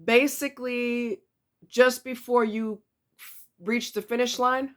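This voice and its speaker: A woman's voice: on the high side, steady tone, slow pace, fairly bright tone. Chatty woman vlogger from the Northeast. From Northeastern United States. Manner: chatty and laughing, repeats words for emphasis. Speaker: self-help vlogger. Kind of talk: casual talk to camera.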